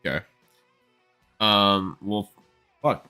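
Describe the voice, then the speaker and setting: A man's voice: on the low side, normal speed, bright, forceful tone, no echo, soft background music. A man playing in a tabletop game, talking casually in character, jokey and blunt. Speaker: player.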